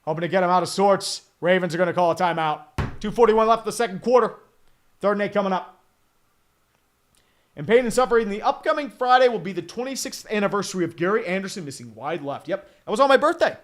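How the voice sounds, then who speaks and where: A man's voice: high voice, animated, fast talker. A man in his thirties giving live play-by-play as a fan streamer, profane, exasperated and sarcastic as he reads chat between plays. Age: 30s.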